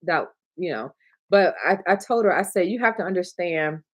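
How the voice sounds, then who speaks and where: A woman's voice: lowish voice, expressive, moderate pace. A middle-aged woman from Michigan chatting casually on a livestream, talking to her viewers and laughing often. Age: 30s to 40s. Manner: chatty, warm, talks to chat, laughs often, gets emotional. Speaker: livestream host, notary signing agent trainer.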